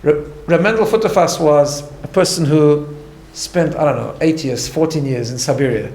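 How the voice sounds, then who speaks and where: A man's voice: on the high side, moderate pace, darkish tone. A man teaching an informal class as a rabbi, talking conversationally and emphatically, often restarting and checking in with "right?". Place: study hall. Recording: echoey room, faint background hum.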